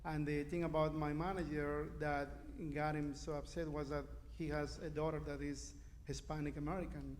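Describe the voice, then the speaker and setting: A man's voice: on the high side, level tone, normal speed, few pauses. A man from Mexico whose first language is Spanish, sharing a personal testimony as a church guest in a chatty way, with plenty of "you know". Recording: live in a reverberant hall with faint noise.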